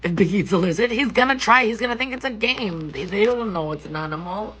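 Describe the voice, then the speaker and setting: Chatty, bright-voiced young woman. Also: medium pitch, fairly quick, slight background noise, rough recording. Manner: chatty and animated, swears often, reads out chat questions. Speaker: vlogger chatting with livestream viewers. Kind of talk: casual chat. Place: hotel room.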